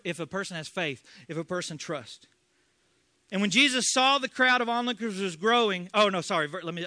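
A man's voice: sits high, sharp tone, dry recording. A pastor in his thirties preaching a sermon, impassioned and acting out the voices of the people in the story. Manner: impassioned, acts out quoted voices.

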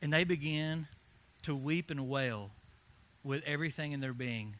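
A male pastor telling a story in a sermon, animated, swinging between hushed and loud delivery. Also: on the high side, measured pace.

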